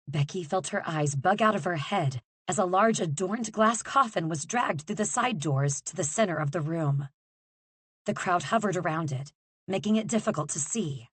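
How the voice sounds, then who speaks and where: A woman reading an audiobook aloud in measured, scripted narration. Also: deep voice, breathy edge, no room sound. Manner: measured storytelling.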